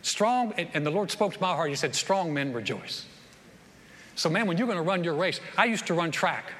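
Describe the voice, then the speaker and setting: A man delivers an animated sermon in a bright, somewhat high voice. He stumbles and restarts often as he tells his stories. The sound carries a long church-hall reverb over faint background noise. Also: moderate pace. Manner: animated storytelling with repeated restarts. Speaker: pastor. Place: church sanctuary.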